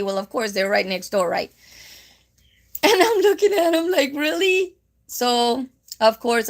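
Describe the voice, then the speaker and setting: A woman's voice: on the high side, a bit bright. A woman, chatting casually on a live stream in a rambling way full of fillers and with Spanish phrases mixed in. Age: 50s. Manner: mixes Spanish phrases into English.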